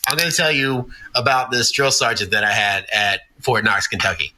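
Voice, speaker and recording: Bright-voiced, swearing man telling stories. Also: lowish voice, moderate pace, rough recording. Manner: profane, laughing storyteller. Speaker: podcast guest. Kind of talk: casual podcast chat.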